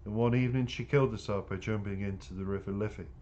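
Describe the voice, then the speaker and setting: A man reading a calm, steady teenage boy. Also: lowish voice, fast, highs cut off, close to an everyday voice. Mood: sombre. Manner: steady, reassuring, matter-of-fact. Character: calm, self-assured teenage boy, protective friend. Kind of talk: audiobook character reading.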